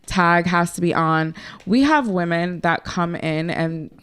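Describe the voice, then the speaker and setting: A woman co-hosting a casual podcast, with a low voice that is smooth and resonant. She talks in a blunt, laid-back way and swears without a second thought. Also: unhurried, fairly bright tone. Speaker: podcast co-host. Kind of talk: casual chat.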